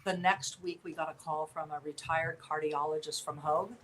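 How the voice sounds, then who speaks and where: A woman's voice: low-pitched, steady tone, normal speed, fairly bright tone, slight background noise, poor audio. A middle-aged woman from Southern California, a nonprofit founder talking earnestly and with animation as a guest in an interview. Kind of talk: interview conversation.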